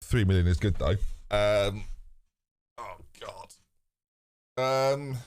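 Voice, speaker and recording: A man streaming a game live, chatting to his viewers in a lively, sweary way. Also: fairly low pitch, very slow, clean tone, no echo, clean studio sound. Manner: animated, talks to chat, swears casually. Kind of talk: live gameplay commentary.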